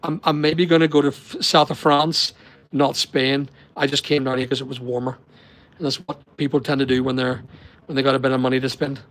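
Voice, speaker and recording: A man's voice: mid-range voice, level tone, brisk, poor audio. A middle-aged man with a Northern Irish accent chatting on a live stream, rambling and answering viewers' comments as he goes. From Northern Ireland. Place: holiday lodging abroad. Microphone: laptop or phone on a weak connection.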